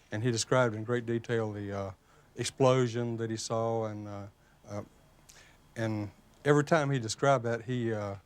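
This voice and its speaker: A man in an aviation official role giving interview testimony, careful and hesitant with frequent "uh". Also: mid-range voice.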